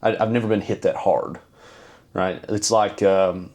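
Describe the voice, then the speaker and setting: Podcast guest: man, low-pitched, halting, earnest storyteller. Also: steady tone, a little mellow. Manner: earnest, halting, many fillers and restarts. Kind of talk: personal storytelling.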